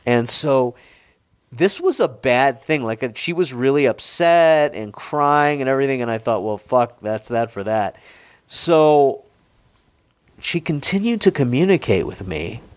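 A man's voice: mid-range voice, lively intonation, a little slow, dry recording. Profane rambling man in his forties. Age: 40s. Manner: rambling, profane, frequent restarts. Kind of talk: casual storytelling.

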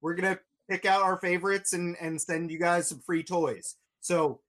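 A man's voice: sits high, steady tone, normal speed, fairly bright tone. A man on a show, chatting casually and easygoing about a collectible and a giveaway. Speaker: show co-host.

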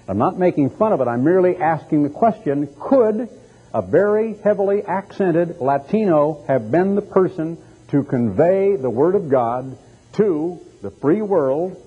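A man's voice: fairly high pitch, husky. A male radio evangelist delivering a broadcast sermon, firing off emphatic rhetorical questions. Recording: dull lo-fi recording.

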